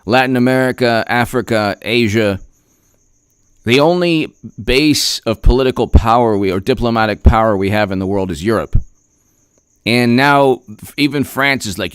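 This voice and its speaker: A man giving a heated, sarcastic political commentary rant, repeating himself and clearing his throat often. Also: medium pitch, moderate pace, dry recording, clean studio sound. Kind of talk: opinion rant vlog.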